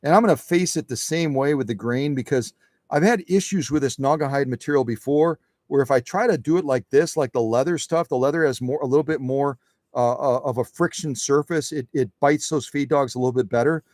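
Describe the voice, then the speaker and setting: A man hosts a live stream about sewing machines from a workshop, chatting in a folksy, casual demonstration style and often repeating his phrases. His voice is medium-pitched and a little mellow, and he talks fairly quickly. The sound is clean studio audio with no echo.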